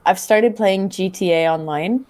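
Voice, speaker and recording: A woman co-hosting a casual podcast chat, wry and quick to laugh. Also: mid-range voice, a little mellow. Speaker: podcast co-host.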